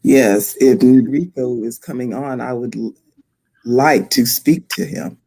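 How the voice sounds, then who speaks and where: A man calls into a livestream and answers the host curtly and defiantly. His voice is mellow, and the sound is dry. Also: medium pitch, slow pace, creaky, no echo. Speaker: livestream guest.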